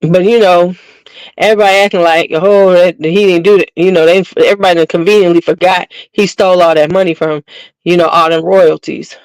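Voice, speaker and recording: A woman's voice: on the low side, fairly even intonation, brisk, a little mellow, dry recording, poor audio. A middle-aged woman hosting her channel, chatting casually and bluntly with viewers in a gossiping, slangy way. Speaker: beauty channel host.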